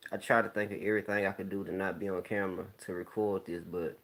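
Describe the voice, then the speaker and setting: A man hosting his own YouTube channel, telling stories to viewers in a relaxed, rambling way with plenty of slang. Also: low voice, quick pace. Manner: laid-back, rambling storytelling with slang. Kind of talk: casual talk to viewers.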